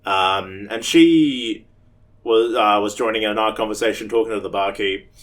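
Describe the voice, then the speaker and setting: A man's voice: fairly low pitch, moderate pace. A young Australian man telling a rambling, profane story on a casual podcast. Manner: rambling and profane, with loud animated quoted voices. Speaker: podcast co-host.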